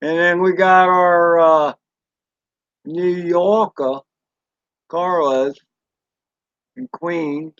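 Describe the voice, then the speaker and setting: A man with a Southern US accent chatting casually on a live stream, rambling and folksy with drawn-out fillers and mild swearing. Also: a little high, fairly even intonation, fairly bright tone, clean tone, no room sound, highs cut off. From Southern United States. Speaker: drone channel host reading live chat.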